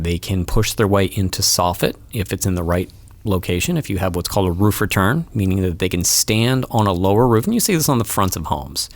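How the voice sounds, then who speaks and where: A man's voice: on the low side, dry recording. A man, a wildlife removal expert, explaining pests to hosts in a casual studio interview, patient and full of ums and restarts. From Florida. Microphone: studio mic.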